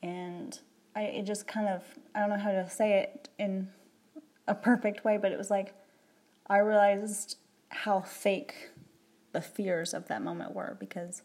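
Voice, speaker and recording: A woman's voice: medium pitch, fairly even intonation, unhurried, darkish tone. A woman talking candidly to camera in a personal vlog, reflecting in a rambling, emotional way with many restarts. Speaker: vlogger.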